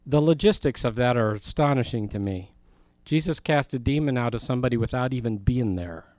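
A man's voice: medium pitch, fairly quick, a little mellow, no room sound. A man teaching a Bible study in a conversational way, explaining words and asking his listeners questions.

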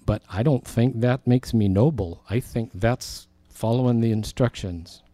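Dry-sounding man preaching a lively sermon. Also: medium pitch, unhurried, no echo. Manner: animated storytelling, acting out quoted voices. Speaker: pastor.

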